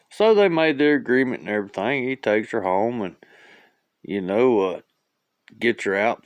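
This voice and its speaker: A man's voice: fairly low pitch, dry recording. A man casually telling a long joke in a rambling way, with lots of uhs. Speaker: joke teller.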